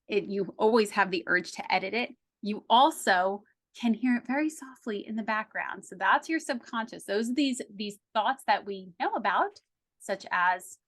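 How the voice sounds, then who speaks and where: A woman success coach speaking enthusiastically in a podcast interview, acting out little inner voices as she explains. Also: a bit bright. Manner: enthusiastic, acts out inner voices with quick pitch jumps.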